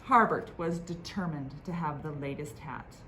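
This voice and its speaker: A woman librarian reading picture books aloud at a children's storytime, in an expressive, sing-song manner. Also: low-pitched, moderate pace, slight background noise.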